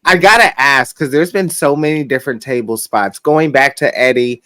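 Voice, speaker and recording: A man co-hosting a podcast, asking questions in a steady, conversational way. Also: mid-range voice, moderate pace, smooth, no echo. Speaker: podcast co-host. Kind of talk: casual interview.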